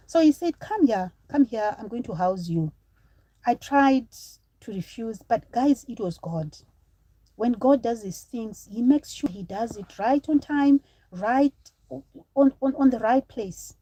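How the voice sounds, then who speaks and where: A woman's voice: on the high side, expressive, a little slow, mellow, dull audio. A woman from Zimbabwe in her thirties, chatting on a live stream, telling a personal story to viewers and breaking off to thank supporters.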